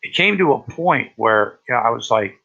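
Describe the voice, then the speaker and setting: Gravelly man with a tense, sharp edge; halting, profane rambling, lo-fi recording. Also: mid-range voice, animated. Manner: halting, profane, many restarts. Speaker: vlogger. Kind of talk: rambling personal monologue. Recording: dull lo-fi recording.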